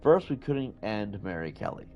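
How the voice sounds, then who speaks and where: A man's voice: on the low side, very animated, moderate pace, a little mellow, soft background music. Crude, joking male game streamer. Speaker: gameplay streamer. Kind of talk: casual let's-play commentary.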